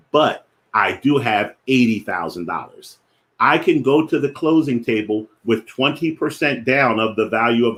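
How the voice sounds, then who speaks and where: A man's voice: lowish voice, fairly bright tone. Philadelphia-accented man explaining finance. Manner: deliberate, repeats definitions slowly for emphasis. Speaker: finance show host.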